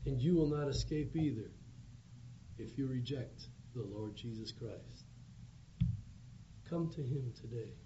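A man's voice: mid-range voice, unhurried, long pauses, dark tone. A man preaching an evangelistic sermon, with earnest, pleading appeals. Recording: dull lo-fi recording with faint background hum.

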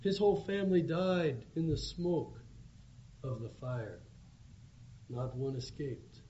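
On a dull, lo-fi recording with faint background hum, a man preaches evangelistically, pleading earnestly with his listeners. His voice leans high with a dark tone, and he speaks slowly and expressively.

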